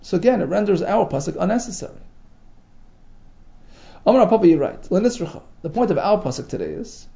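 A man's voice: high-pitched, lively intonation, a little fast, gravelly, pauses often, warm tone, dull audio. A man giving a Talmud class, reading Aramaic phrases and explaining them in English with emphatic delivery. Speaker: Talmud teacher.

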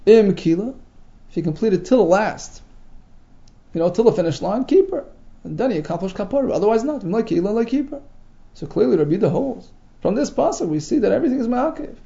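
Lively gravelly man teaching Talmud. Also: sits high, fast talker, lo-fi sound. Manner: translates Aramaic phrases into English, lively and emphatic. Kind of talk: Talmud class explanation.

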